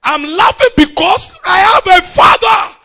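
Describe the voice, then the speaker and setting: A preacher acting out a cocky rich young son. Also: male voice, very high-pitched, expressive, a little slow, bright, forceful tone, raised voice, pitched above the performer's own voice, full character voice. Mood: mocking. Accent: Nigerian. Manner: laughing, dismissive.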